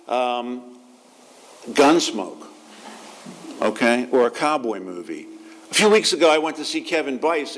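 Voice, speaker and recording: A man, a pastor, giving a conversational sermon with asides and restarts. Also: mid-range voice.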